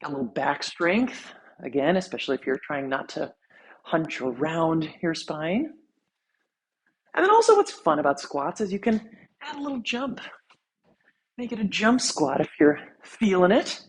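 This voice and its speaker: A woman fitness instructor talking a follow-along workout while she exercises, counting reps, out of breath, relaxed and encouraging. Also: on the low side, normal speed, pauses often, slight background noise.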